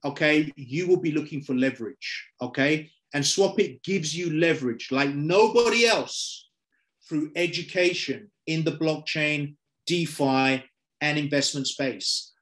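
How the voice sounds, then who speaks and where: A man's voice: a little high, a little slow, a bit bright. A middle-aged man with a London accent giving an upbeat online sales presentation, checking in with "okay?" and "right?". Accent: London English. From London, England. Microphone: video call.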